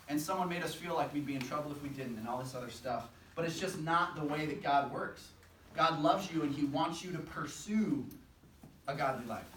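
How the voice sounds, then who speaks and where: A man's voice: on the high side, a bit bright, a little hiss or hum. A young man preaching a sermon, earnest and conversational, acting out quotes as he goes. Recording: echoey room, from a distance.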